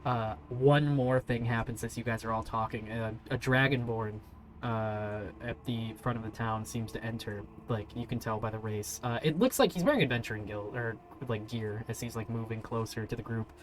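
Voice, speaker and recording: A man's voice: mid-range voice, normal speed, rough recording. Man rambling as game master. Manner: loose, rambling narration with many fillers. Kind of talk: narrating a tabletop game.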